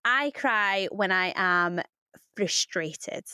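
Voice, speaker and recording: A woman's voice: mid-range voice, lively intonation, very slow, pushed and bright, clear, resonant tone, no echo. Chatty young woman podcast co-host, dry sound. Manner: chatty, candid, laughs often. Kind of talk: casual chat.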